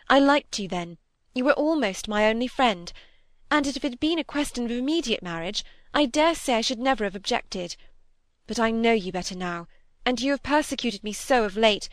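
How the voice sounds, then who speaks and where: A woman's voice: dry recording, close to an everyday voice. A woman reading the part of a distressed young woman, pleading and emotional, with a raised, strained voice in an audiobook. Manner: emotional, pleading, high-strung.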